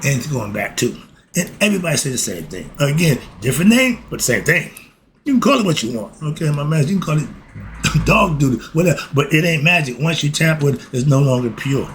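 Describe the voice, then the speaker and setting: A man who speaks gives a lively spiritual lesson. He keeps asking himself questions and answering them, and he laughs often. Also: fairly high pitch, brisk, slight background noise. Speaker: spiritual philosophy teacher.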